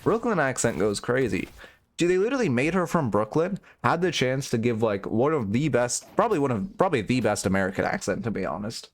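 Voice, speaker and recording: A man's voice: medium pitch, very animated, a little fast. A young man streaming and coaching a game, rambling through frank, profane critique in casual commentary.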